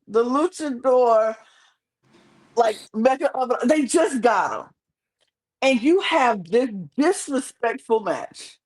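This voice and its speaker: Heated and indignant, a podcast co-host with a fairly high-pitched voice delivers a casual recap rant, hammering her points home by repeating phrases. The recording quality is low.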